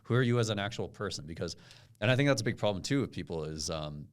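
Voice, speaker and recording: A man's voice: lowish voice, fast talker. A young man co-hosting a podcast in casual chat, swearing often and acting out quotes as he tells stories. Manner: animated storyteller, swears often, acts out quotes. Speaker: podcast co-host.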